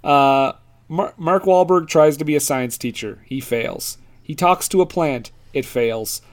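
A man's voice: on the high side, measured pace. A man co-hosting a casual podcast, joking and reading out movie reviews. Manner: jokey, laughs at his own quips. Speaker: podcast co-host.

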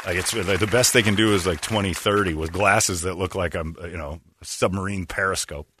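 A man's voice: sits low, steady tone, brisk, a bit bright, slightly rough, a faint crowd. A man hosting a casual morning radio show, telling rambling, self-deprecating stories and mimicking the people in them.

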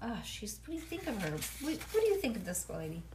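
A mother reads a children's storybook aloud to her child in a somewhat high voice. She keeps it lively and breaks off now and then for chatty asides. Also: fast talker, a little hiss or hum. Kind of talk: bedtime read-aloud.

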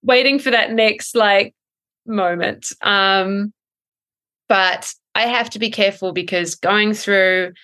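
A woman in her thirties, a breathwork coach, explaining thoughtfully in a podcast interview with frequent ums and soft laughs. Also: mid-range voice, steady tone, slow pace, smooth.

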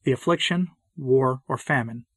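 A man's voice: medium pitch, normal speed, breathy edge, dry recording. A man preaching a solemn sermon, reading it with impassioned pleading.

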